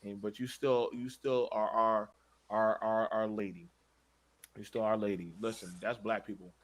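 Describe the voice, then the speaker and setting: A man hosting a casual panel chat, animated and swearing, with bursts of loud emphasis and speech. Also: lowish voice, normal speed. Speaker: show host.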